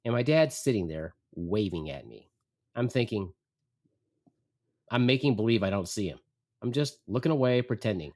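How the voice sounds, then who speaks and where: Animated male storyteller, lively pitch. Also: moderate pace, pauses often. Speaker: podcast host. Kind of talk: storytelling, casual chat.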